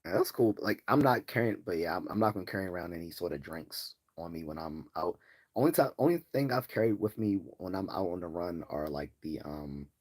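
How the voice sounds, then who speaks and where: A man's voice: low voice, animated, fairly quick, a little mellow. A man from Baltimore hosting a casual livestream, reading chat comments aloud and rambling with many fillers and restarts. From Baltimore, US East Coast. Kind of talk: casual live-stream chat.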